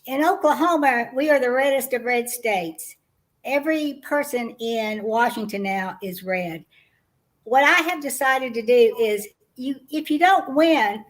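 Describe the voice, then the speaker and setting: A woman running for Congress, speaking in a plainspoken, determined way on a video call. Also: high voice. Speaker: congressional candidate. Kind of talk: earnest political talk.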